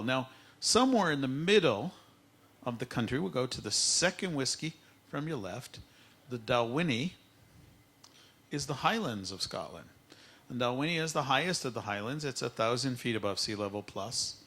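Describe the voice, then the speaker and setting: Man, whisky educator, live tasting class, playful, lively, medium pitch. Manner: lively, playful, drawn-out words for effect. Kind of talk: live tasting masterclass talk. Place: expo tasting hall.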